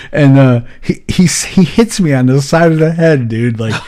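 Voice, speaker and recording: A man's voice: medium pitch, normal speed, dark tone. A man co-hosting a podcast, telling a story in casual chat, swearing freely as he retells it. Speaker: podcast co-host.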